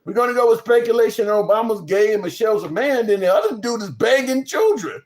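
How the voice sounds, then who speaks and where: A man's voice: high-pitched, sing-song, quick pace, darkish tone. A man hosting a live political stream, reading chat comments and reacting bluntly, incredulous and swearing freely. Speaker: political talk stream host.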